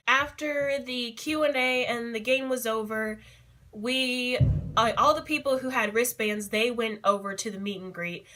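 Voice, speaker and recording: A young adult woman vlogger telling a story in a casual, excitable and giggly way, with many fillers. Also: fairly high pitch, moderate pace. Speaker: beauty vlogger.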